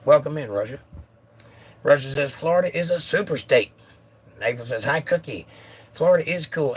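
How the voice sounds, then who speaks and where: A man's voice: a little high, lively intonation, normal speed, long pauses, husky. A man hosting a casual phone livestream, chatting and reading viewer comments aloud with a joking manner. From United States. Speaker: livestream host.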